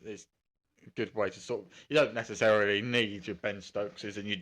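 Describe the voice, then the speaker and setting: A man's voice: on the low side, steady tone, a little fast, fairly bright tone. A man co-hosting a podcast, chatting casually about cricket, hesitant, with frequent ums and restarts. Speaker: podcast co-host.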